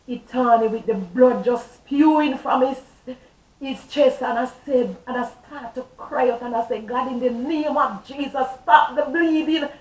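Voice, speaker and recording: A woman's voice: medium pitch, vocal fry, warm tone. Fervent woman giving testimony. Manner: fervent, emotional storytelling. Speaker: guest. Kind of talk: testimony on a talk show. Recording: roomy echo, distant mic, faint ambience.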